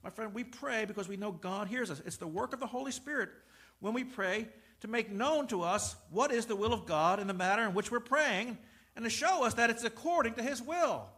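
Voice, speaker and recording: A man preaching a sermon, telling a personal story with humorous asides and repeating words, moving between loud preaching and soft confiding. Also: high-pitched, animated, brisk, breathy edge.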